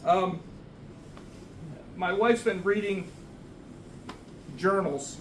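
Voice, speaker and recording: Guy giving a eulogy for his mom in a church, rambly and joking at himself, kinda high voice, echoey and far off. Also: measured pace, pauses often, slight background noise. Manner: rambling, self-deprecating, with laughs. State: getting emotional. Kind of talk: memorial speech. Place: church sanctuary.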